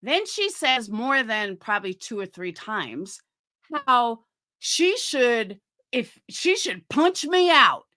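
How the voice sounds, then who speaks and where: A woman's voice: a little high, sing-song, takes it slowly, sharp tone. A woman hosting a livestream and ranting angrily, with heavy swearing and a sarcastic edge. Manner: heated, profane, sarcastic. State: fighting cancer. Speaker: livestream host. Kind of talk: angry livestream rant.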